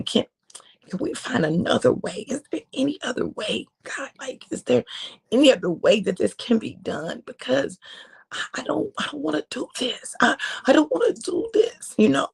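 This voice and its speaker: A woman preacher voicing an anguished young man who pleads with God, breaking into high strained cries and whispers. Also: huge pitch swings, quick pace, gravelly, a little mellow, breathy edge, heavily acted. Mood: pleading.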